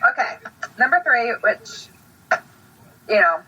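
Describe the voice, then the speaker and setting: A woman co-hosting a casual fan podcast, chatty and hesitant, often pausing on fillers. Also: fairly high pitch, sing-song, bright, forceful tone, slightly rough. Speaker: podcast co-host. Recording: distant, dull lo-fi mic.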